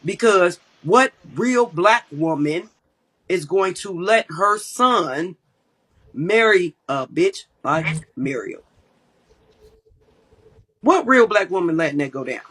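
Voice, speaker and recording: A woman's voice: fairly low pitch, slow pace, pauses often, husky, low-quality recording. A woman co-hosting a casual live-stream commentary, blunt and profane as she tells stories. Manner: blunt, profane, animated storytelling.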